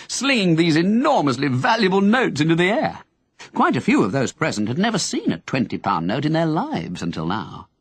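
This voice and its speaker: A male audiobook narrator telling a story with very lively, wide-ranging pitch. His voice is a touch husky and sits a little high, recorded close and dry. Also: no echo. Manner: expressive storytelling. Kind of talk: scripted narration.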